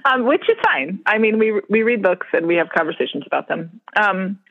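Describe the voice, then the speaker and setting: A woman's voice: mid-range voice, lively intonation, fairly quick. A middle-aged woman telling stories in casual chat, laughing often. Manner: chatty storyteller, laughs often. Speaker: podcast co-host. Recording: tinny phone-like line.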